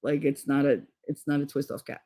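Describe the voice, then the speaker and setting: A middle-aged woman with a somewhat low voice, chatting casually on her stream. She rambles through crude stories and swears freely. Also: level tone, brisk, mellow. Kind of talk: casual chat.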